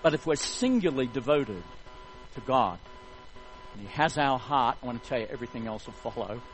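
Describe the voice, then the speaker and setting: A man preaching a sermon, retelling a story in an animated, jokey way. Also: mid-range voice, brisk, soft background music, poor audio.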